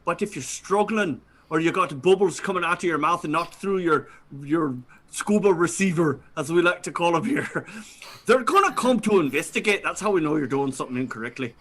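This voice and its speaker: Man, improv comedy host, high pitch, bright tone, animated, playful. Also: fairly quick. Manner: playful, animated, drifts into accents. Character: male scuba instructor at a fish and flower shop. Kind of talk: improv comedy scene and game intro.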